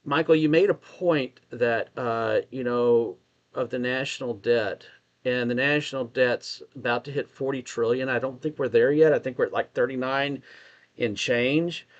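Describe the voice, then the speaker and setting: A man's voice: medium pitch, normal speed, lo-fi sound. A man with a Texas accent co-hosting a casual political discussion, thinking aloud, restarting sentences and asking questions. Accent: Texan. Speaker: podcast co-host.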